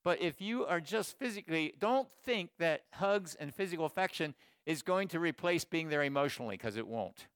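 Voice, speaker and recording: A man in his sixties giving a sermon to men, swinging from loud exhortation to quiet storytelling. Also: on the high side, lively intonation, moderate pace, hardly any pauses, clean tone, no room sound, clean studio sound. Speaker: speaker at a men's gathering.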